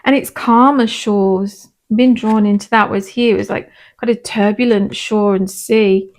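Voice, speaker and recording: Gentle woman giving a tarot reading. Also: medium pitch, steady tone. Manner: gentle, reassuring, unhurried, with frequent "um" and "I'm feeling". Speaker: tarot reader and spiritualist medium. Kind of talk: pick-a-pile tarot reading to viewers.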